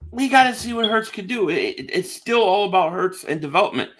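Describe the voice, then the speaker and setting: Man, sports podcast co-host, confident, emphatic, slightly high pitch. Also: lively intonation, a little fast, a bit bright, slight background noise. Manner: confident, emphatic, repeats words. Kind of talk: casual sports chat.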